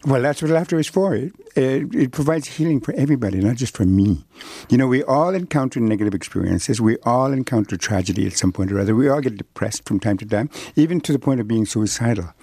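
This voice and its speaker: An older man from Canada is chatting as a radio guest. He jokes and teases, laughs easily, and repeats words for emphasis. His voice sits at a middle pitch, and the studio sound is dry and close. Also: animated, quick pace, dark tone, husky, no room sound. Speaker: guest author. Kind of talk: radio interview, casual chat.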